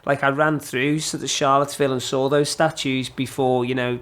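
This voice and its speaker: A man's voice: mid-range voice, little pitch movement, fairly quick, a bit bright. A man telling travel stories as a podcast guest, rambling with lots of fillers and acting out the people he met. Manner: rambling, full of fillers, acts out quoted voices. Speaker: long-distance runner guest. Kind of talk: casual podcast storytelling.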